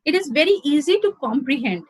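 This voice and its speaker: A woman's voice: high-pitched, animated, a little fast, darkish tone, no echo, low-quality recording. A middle-aged woman from India giving an online literature lecture over a video call, explaining step by step with fillers and self-corrections. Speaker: guest lecturer.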